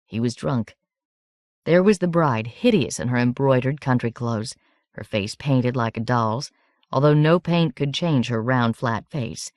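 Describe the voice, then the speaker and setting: A woman narrating a novel as an audiobook in a steady, measured reading. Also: a bass voice, no room sound, clean studio sound.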